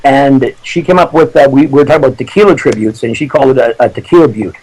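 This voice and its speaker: Fast-talking Canadian man, brash and joking. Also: mid-range voice, a little mellow, husky, low-quality recording. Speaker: guest. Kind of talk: casual chat.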